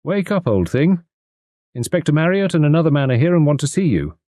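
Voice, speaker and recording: A man's voice: fairly high pitch, sing-song, a little fast, dark tone, dry recording, clean studio sound, voice pushed up. A man reading an audiobook, voicing a good-humoured, grumbling young husband and detective. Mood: brisk.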